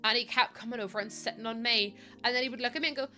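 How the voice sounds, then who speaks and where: A young woman with a slightly high voice and fairly even intonation talks at a racing clip while streaming a building game. Her chatter is rambling and casual, packed with fillers and loose with the occasional swear word.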